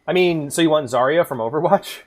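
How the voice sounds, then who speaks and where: A man streaming and reacting to videos in loose, profane casual chat, swinging between loud outbursts and mutters. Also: a little high, brisk. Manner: loose and profane, bursts of laughter.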